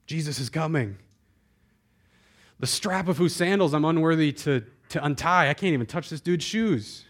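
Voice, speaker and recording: A pastor preaching to a congregation in a casual, chatty way. His voice sits a little high for a man, and he keeps turning to the listeners with questions. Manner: conversational, addresses the congregation directly. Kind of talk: sermon. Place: church before a live congregation.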